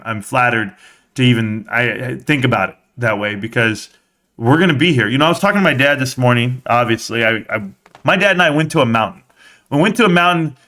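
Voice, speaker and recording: A man's voice: mid-range voice, bright, forceful tone. A young man hosting a live stream, rambling loosely and swearing casually.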